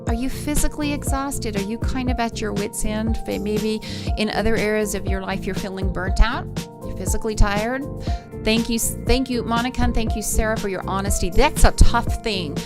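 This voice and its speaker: A woman's voice: on the high side, fairly even intonation, moderate pace, over loud music. A woman vocal coach talking on a livestream, encouraging her viewers and reading their comments aloud. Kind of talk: live-stream coaching talk.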